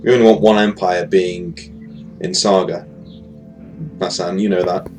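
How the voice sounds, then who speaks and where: A man's voice: deep voice, level tone, a little slow, darkish tone, soft background music, pitched below the performer's own voice, poor audio. Man voicing a blunt weary commander. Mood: businesslike. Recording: faint ambient noise.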